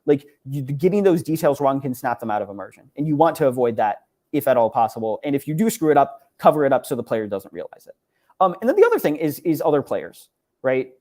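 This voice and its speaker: Casual young man presenting, mellow voice. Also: medium pitch, big pitch swings, quick pace. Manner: casual, filler-heavy, many "right?" and "like". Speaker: conference presenter. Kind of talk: presentation over slides. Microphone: online talk, computer mic.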